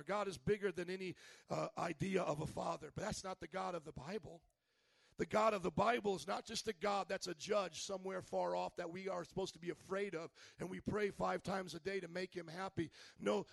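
A man in his thirties preaching a sermon in an animated, humorous way, at times raising his voice to a shout. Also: sits high, gravelly, no room sound. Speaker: pastor.

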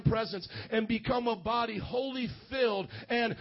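A man with a very high voice preaches a charismatic sermon, turning from hushed passages to shouted bursts and asking the crowd to repeat after him. The recording sounds dull and lo-fi. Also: normal speed, hardly any pauses. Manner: fervent, swings between shouting and quiet, call-and-response. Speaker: pastor.

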